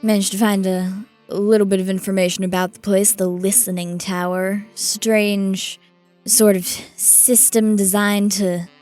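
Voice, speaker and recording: A woman's voice: medium pitch, level tone, measured pace, a little mellow, soft background music. A woman co-hosting a tabletop game podcast, recapping in first person with a hesitant, filler-heavy delivery. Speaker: co-host and player.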